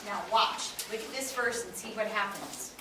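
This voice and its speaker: A woman telling a Bible story to children with lively expression, quizzing them as she goes. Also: mid-range voice, normal speed. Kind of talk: animated Bible lesson for kids. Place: classroom with children. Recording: echoey room, far from mic, noisy.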